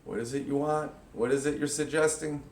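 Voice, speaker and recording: Animated man teaching in an echoey room. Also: fairly quick. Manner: animated, acts out inner voices with sudden loud high bursts. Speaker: spiritual workshop teacher. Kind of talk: casual spiritual teaching talk.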